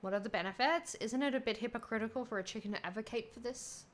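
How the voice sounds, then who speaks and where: A woman's voice: a little high, fast talker. Playful young woman streamer. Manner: playful, reads game text aloud with quips. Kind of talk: casual game playthrough commentary.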